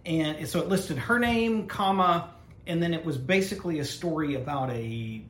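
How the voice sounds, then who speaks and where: A man's voice: fairly high pitch, normal speed, fairly bright tone. A man co-hosting a podcast, teasing his partner and telling history anecdotes in a wry, casual way. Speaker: podcast co-host. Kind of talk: casual chat. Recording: roomy with faint noise.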